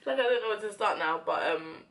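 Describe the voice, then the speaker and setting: A woman's voice: mid-range voice, lively intonation, fast talker. A young woman chatting to camera while doing her makeup, tearful and hesitant, with many fillers, recorded at home. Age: young adult. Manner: soft, hesitant, full of fillers. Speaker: beauty vlogger.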